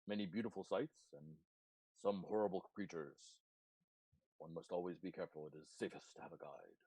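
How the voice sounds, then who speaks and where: A man's voice: low-pitched, a little fast, mellow, breathy edge, dry recording. A man doing a courtly cursed seal man. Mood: formal. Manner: stiff, courtly phrasing. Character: formal, eloquent cursed male seal man. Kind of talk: tabletop role-play voice.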